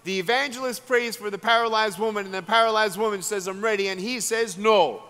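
A man with an Australian accent, preaching a sermon as an evangelist and telling a story, acting out each person's words and building to loud climaxes. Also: high voice, fairly quick, hardly any pauses, clean tone. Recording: long hall reverb.

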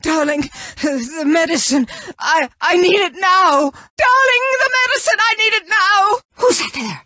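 A woman's voice: lively intonation, measured pace, sharp tone, dry recording, exaggerated voice. An unhinged snobbish society lady. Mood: hysterical. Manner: shrill, imperious, swings between sighs and screams. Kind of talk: video game character barks.

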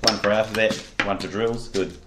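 A man's voice: on the low side, steady tone, moderate pace, very noisy. A man tutoring a child one-on-one in phonics, giving patient, encouraging drill prompts. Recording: echoey room.

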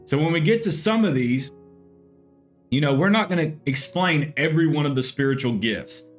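A man's voice: on the high side, animated, moderate pace, faint music behind. Earnest man teaching a Bible lesson. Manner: earnest, conversational, with frequent "you know". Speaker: pastor.

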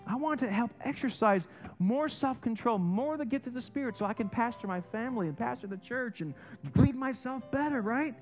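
Pastor, man, high voice, lively joking sermon, soft music under. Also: moderate pace. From German and Italian heritage. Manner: animated, joking, swings between loud and soft. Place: church sanctuary.

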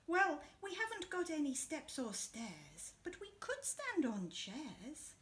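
A woman voicing an eager, bouncy and slightly greedy hare in a picture-book read-aloud, talking in an excited, chirpy way. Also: high voice, slow, voice pushed up, exaggerated voice.

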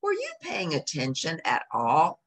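Lady doing a fussy proper bird guy, scolding, low and lively, storybook read. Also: a little slow, husky, full character voice. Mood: stern. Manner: stern, scolding. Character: fussy male bird adviser, stern and proper. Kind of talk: storybook reading.

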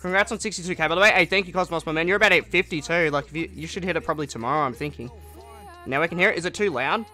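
A man's voice: a little high, racing, pushed and bright. A young man streaming a game live, chatting casually with viewers and answering their comments in an upbeat way. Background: faint music.

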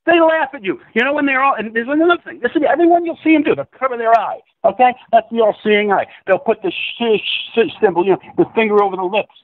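A man's voice: very high-pitched, fast, hardly any pauses, dry recording. A man on a call-in interview, ranting in a profane, insistent, lecturing way. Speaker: guest. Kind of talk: conspiracy rant in a call-in interview. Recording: tinny phone-line audio.

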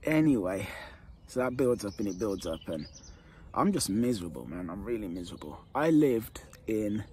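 A man's voice: lowish voice, very animated, normal speed, darkish tone, a little hiss or hum. Earnest man recounting a painful past. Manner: earnest, repeats phrases for emphasis. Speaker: dating coach. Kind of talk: candid personal storytelling to camera.

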